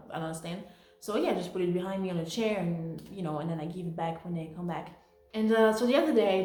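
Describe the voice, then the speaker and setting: A woman's voice: fairly low pitch, darkish tone. Chatty woman in an echoey room. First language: French. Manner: rambling, full of fillers and self-corrections. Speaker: vlogger telling work stories. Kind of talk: casual storytelling.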